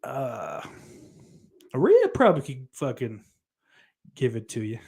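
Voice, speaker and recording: A man's voice: medium pitch, wildly swooping pitch, slow, gravelly, darkish tone, slightly rough. A man co-hosting a podcast, reading live chat comments aloud in crude casual banter, laughing often and swearing freely.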